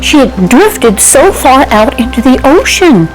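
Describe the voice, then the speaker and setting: Woman, children's storyteller, animated, hushed suspense, slightly high voice, faint music. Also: a little slow, poor audio. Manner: animated, asks listeners questions, hushes for suspense. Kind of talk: Bible-themed children's story.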